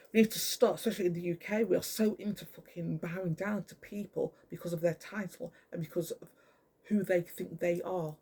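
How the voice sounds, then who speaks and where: A voice pours out an angry, profanity-laced, rambling monologue straight to camera. The tone sits dark and mellow, with a gravelly fry and a husky, breathy edge. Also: medium pitch.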